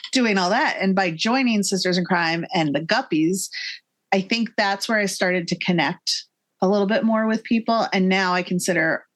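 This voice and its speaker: A woman in her forties, a guest author in a casual podcast interview, talking with enthusiasm, many fillers and little acted-out quotes. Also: lowish voice. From Massachusetts.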